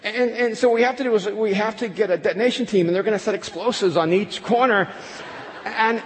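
High-voiced preacher in an echoing hall. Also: male voice, fairly quick. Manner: animated storyteller, frequent restarts. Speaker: pastor. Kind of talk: sermon with personal storytelling. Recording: long hall reverb.

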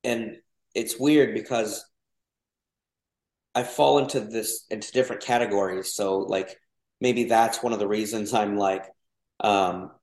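A man's voice: fairly low pitch, steady tone, a little slow, pauses often, a little mellow. A man from Mexico chatting casually as a podcast guest, wandering through thoughts with lots of restarts and fillers. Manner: rambling, many restarts and fillers. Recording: roomy echo.

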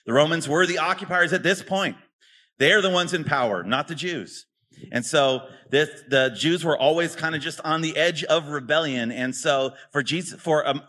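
A man preaching a sermon in a relaxed, conversational way, often tossing rhetorical questions to his listeners. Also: a little high. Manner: casual, asks rhetorical questions. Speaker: pastor.

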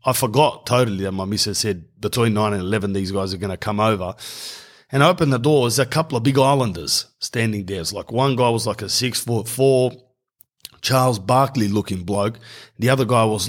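Husky-voiced man spinning a yarn. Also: fairly low pitch, brisk. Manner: rambling, self-mocking asides. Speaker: comedian telling a story. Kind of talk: comic storytelling.

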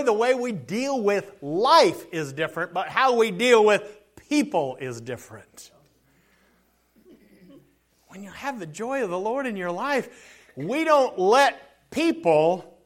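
A man's voice: high voice, very animated, takes it slowly. A man preaching a sermon as pastor, earnest and insistent, often restarting and repeating words.

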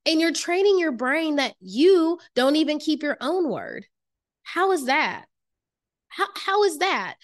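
A woman coaching her listeners in a motivational master class, emphatic and direct, repeating key phrases for weight. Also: sits high. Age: adult with children. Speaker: life coach and podcast host.

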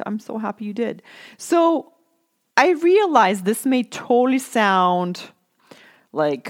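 Woman in her thirties, host of a casual self-help talk, middle pitch that swings widely, emphatic and chatty. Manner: animated and emphatic, heavy use of "like" and "right?".

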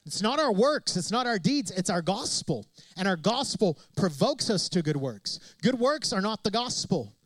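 A man's voice: high voice, big pitch swings, normal speed, few pauses, no room sound, low-quality recording. A man preaching a sermon as pastor, emphatic and repetitive, asking rhetorical questions of his congregation.

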